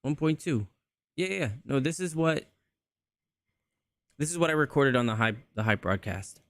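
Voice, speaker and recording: A man's voice: medium pitch, expressive, normal speed, a bit bright, dry recording, studio quality. A man hosting a livestream, casually muttering to himself as he adjusts his microphone settings. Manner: muttering to himself while tweaking mic settings. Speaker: livestream host. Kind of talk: casual streaming chat.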